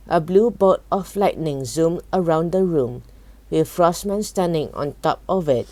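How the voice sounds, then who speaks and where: A woman reads a children's chapter book aloud in a calm, even way. Her voice is low and mellow, with a slow, careful pace. The recording is close and dry. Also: no echo. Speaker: storybook reader. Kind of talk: storybook read-aloud.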